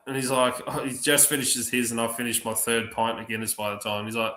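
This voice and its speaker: A man's voice: mid-range voice, fast talker. Man swearing through bar stories. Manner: profane, animated anecdotes acting out other voices. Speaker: streamer telling stories. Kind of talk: casual storytelling on a livestream. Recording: roomy echo.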